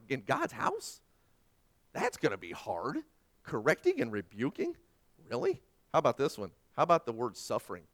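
A man in his thirties or forties preaching as a pastor, telling stories and acting out dialogue in between. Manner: animated storytelling with acted-out dialogue and sudden pitch jumps. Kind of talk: sermon.

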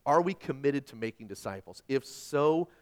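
A middle-aged man preaching a sermon as pastor, emphatic and repetitive, moving between loud and quiet. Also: mid-range voice, animated, normal speed.

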